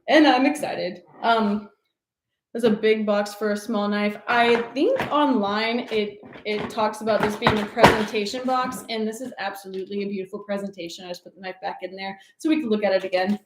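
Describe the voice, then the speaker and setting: A woman's voice: medium pitch, moderate pace. Gushing woman in an echoey room. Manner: gushing, excitable, laughs often. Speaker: livestream host. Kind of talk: casual livestream show and tell. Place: home office. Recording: echoey room with faint noise.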